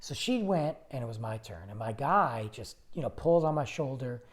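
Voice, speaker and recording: A man hosting a podcast, telling a personal story in a rambling, animated way, often cutting himself off mid-sentence. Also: mid-range voice, moderate pace. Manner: rambling, animated, self-interrupting. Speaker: podcast host. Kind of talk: casual storytelling monologue.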